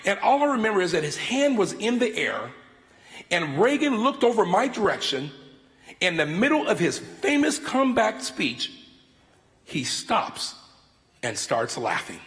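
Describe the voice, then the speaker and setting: A man in his fifties preaches as a guest speaker, his high voice swooping widely as he acts out his stories. His delivery is animated and theatrical. The sound carries the long reverb of a large hall. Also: moderate pace. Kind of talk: sermon with storytelling. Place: large university worship hall.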